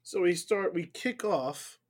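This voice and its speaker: A man co-hosting a casual wrestling recap podcast, playful and quick to laugh. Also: high voice, lively intonation, very noisy. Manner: playful, laughs often, hammy self-introductions. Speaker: podcast co-host.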